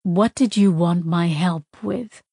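A woman voicing a gruff, wary male alien shopkeeper, talking bluntly and defensively. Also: on the low side, slow, dark tone, dry recording, studio quality, full character voice. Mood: uncertain.

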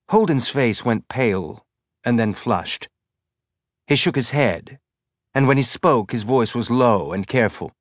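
A man narrating an audiobook in a measured, tense storytelling manner. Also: medium pitch, expressive, dry recording, studio quality. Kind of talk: scripted narration.

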